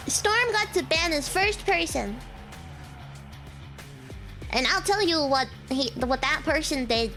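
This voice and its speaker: High, lively, bright-voiced woman streamer. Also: slow, pauses often, soft background music. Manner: chatty, giggly storytelling. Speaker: VTuber streamer. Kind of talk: casual stream chat.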